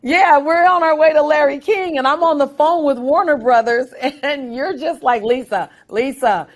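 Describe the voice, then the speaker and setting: A woman guest in a casual interview, telling stories with lively, acted-out quotes and frequent laughter. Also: high voice, normal speed. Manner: animated storyteller, acts out quotes.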